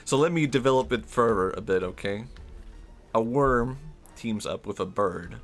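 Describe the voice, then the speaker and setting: A man's voice: medium pitch, animated, moderate pace, soft background music. A man streaming a game and chatting casually, rambling and giggling through playful, absurd tangents. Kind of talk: casual gameplay commentary.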